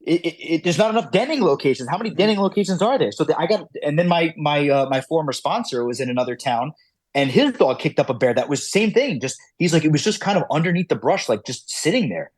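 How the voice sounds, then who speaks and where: A man's voice: a little high, animated, fast, breathy edge, dry recording. A man guest on a podcast, telling hunting stories casually, with many fillers and restarts. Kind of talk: casual storytelling.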